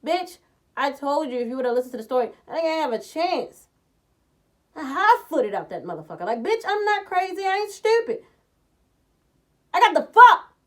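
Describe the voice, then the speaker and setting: A woman's voice: very animated, a little fast. Blunt, profane woman telling a story. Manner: swings between loud outbursts and low muttering. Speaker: vlogger telling a personal story. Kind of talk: casual storytime vlog.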